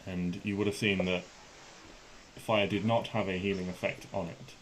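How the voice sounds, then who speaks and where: A man narrating as game master of a tabletop game, describing the action in a relaxed, halting way with many fillers. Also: low-pitched, a little hiss or hum, low-quality recording.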